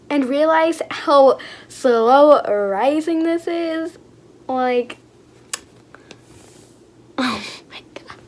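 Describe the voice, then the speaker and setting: A young woman excitedly unboxing toys for her vlog, gushing and gasping with lots of fillers. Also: sits high. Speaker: vlogger.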